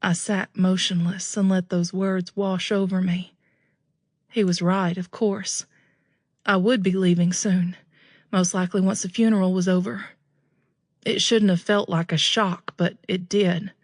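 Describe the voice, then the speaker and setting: A woman narrating a romance audiobook in steady first person. Her voice sits on the low side. The close mic sound is dry with no room. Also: a little slow, no echo.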